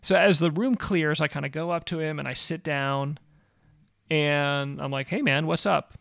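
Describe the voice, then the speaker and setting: A man in his forties, a former missionary, telling a personal story in a casual, animated way with self-mocking asides. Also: on the high side, unhurried, vocal fry, no echo, clean studio sound.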